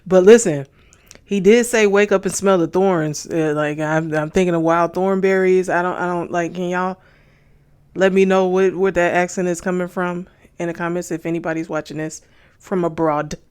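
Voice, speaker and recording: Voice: medium pitch, fairly even intonation, normal speed, darkish tone, clear, resonant tone. A reaction video host chatting casually about a clip and asking viewers questions.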